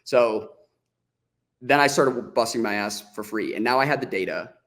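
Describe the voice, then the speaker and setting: A man as a podcast guest, telling a story in a casual, animated way, acting out the dialogue as he goes and often restarting his sentences. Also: medium pitch, moderate pace. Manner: frequent restarts and "like" fillers.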